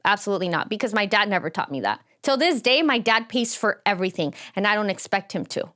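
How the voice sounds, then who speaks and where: A woman's voice: medium pitch, expressive, a bit bright. A young adult woman co-hosting a podcast in casual chat, talkative and emphatic. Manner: talkative, emphatic, fast restarts. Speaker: podcast co-host.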